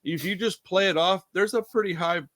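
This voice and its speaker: A man talking casually about a movie. He is animated, swears freely and laughs often. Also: sits high, a little fast. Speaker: podcast co-host.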